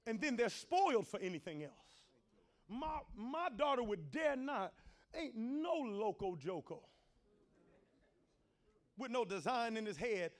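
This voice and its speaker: A middle-aged man pastor preaching a sermon in folksy everyday phrasing, swinging from low talk up to loud shouted lines. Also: sing-song, unhurried, pauses often.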